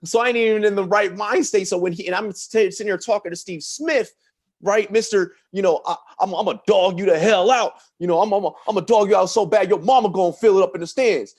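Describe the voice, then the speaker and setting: A man telling a long story on a podcast in a loose, profane, animated way, often laughing through it. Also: high voice, a little fast. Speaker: podcast guest. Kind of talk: casual storytelling.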